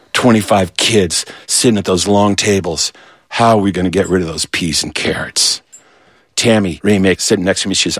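A man telling a comic childhood story, animated and acting out the voices of the people in it. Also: slightly rough, no room sound, clean studio sound. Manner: animated, acts out voices, big swings in pitch.

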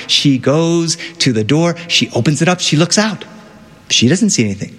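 A man telling a fairy tale to an audience in a playful, animated way, with asides to the listeners. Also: medium pitch, fairly quick, breathy edge, long reverb tail. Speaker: storyteller. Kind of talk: live storytelling to an audience.

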